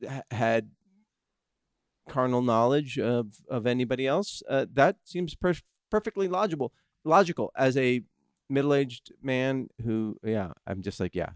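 A man's voice: medium pitch, unhurried, smooth, no room sound, clean studio sound. A man hosting a comedy podcast, joking and self-mocking, often stammering and restarting his sentences. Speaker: podcast host.

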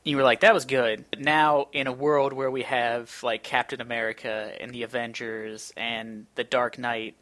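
A man's voice: mid-range voice, flat delivery, normal speed, hardly any pauses, fairly bright tone, no room sound. A young man co-hosting a casual film podcast, opinionated and sarcastic, with lots of "like" fillers. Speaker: podcast co-host. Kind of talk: casual chat.

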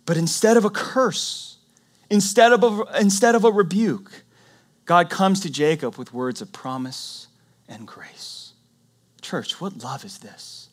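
Slightly high-voiced man preaching with dynamic swings. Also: lively intonation, takes it slowly. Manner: dynamic preaching, swinging between loud emphasis and hushed near-whisper. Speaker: pastor. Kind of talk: sermon.

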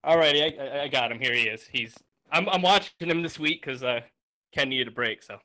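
Joking male co-host, bright, forceful, mid-pitch. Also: brisk. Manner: groaning, mock-dreading, joking. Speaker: podcast co-host. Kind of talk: casual comedic chat over a remote call.

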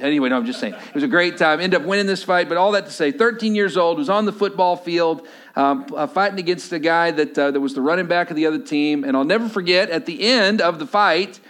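A man in his thirties, a pastor preaching a sermon in a relaxed, conversational way, telling stories and often filling pauses with "uh". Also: a little high. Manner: conversational storytelling, many filler "uh"s.

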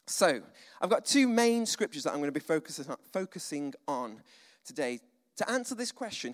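A male preacher giving a conversational, animated sermon, full of asides and dramatic sighs. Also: a little high. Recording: long hall reverb.

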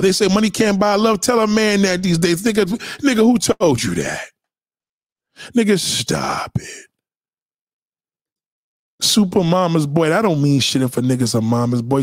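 A man's voice: fairly high pitch, dry recording, clean studio sound. A man hosting a livestream, ranting bluntly and profanely at his chat and hammering his points home by repeating them. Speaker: livestream host reacting to chat. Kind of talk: unscripted livestream commentary.

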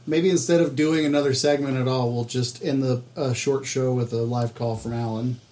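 A man's voice: medium pitch, fairly even intonation, normal speed, dark tone. A man co-hosting a podcast, chiming in with short wry remarks and dry jokes. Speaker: podcast co-host. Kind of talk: casual podcast banter.

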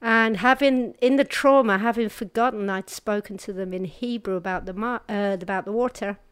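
A woman recounting an ordeal, earnest and halting. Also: mid-range voice, smooth, no echo. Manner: halting and earnest, with restarts and hushed pauses at hard moments; vivid storyteller, shifting between brisk and slow, quiet passages. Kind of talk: personal testimony told to an audience.

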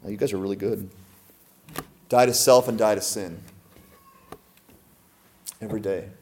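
A man's voice: on the low side, fairly even intonation, moderate pace, darkish tone, a little hiss or hum. A man preaching a sermon to a congregation, emphatic and full of rhetorical questions. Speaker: pastor.

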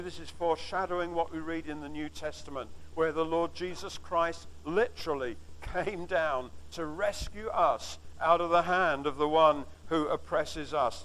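A man preaching a sermon, teaching from the Bible with earnest, emphatic repetition and slowed, stressed phrases. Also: a little high, fairly bright tone, poor audio.

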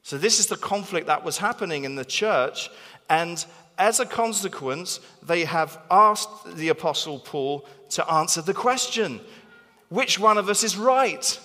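A man preaching with a bright, forceful voice set a little high for a man. He speaks in an animated, emphatic way and repeats phrases for stress. His words ring out with the long reverb of a big hall. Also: unhurried. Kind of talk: sermon.

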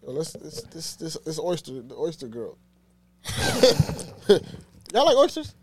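Young male podcast co-host, animated and slangy, with a lively, rising delivery. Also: fairly high pitch, a little fast, breathy edge. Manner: animated, slangy, repeats himself. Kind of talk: casual chat.

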